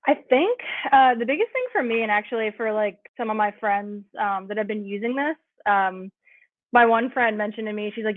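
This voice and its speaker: A woman's voice: mid-range voice, expressive, normal speed, no echo. Chatty woman on a tinny line. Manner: chatty, full of "like" and "um" fillers. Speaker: guest, cycle syncing coach. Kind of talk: casual podcast chat. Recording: tinny phone-like line, dry.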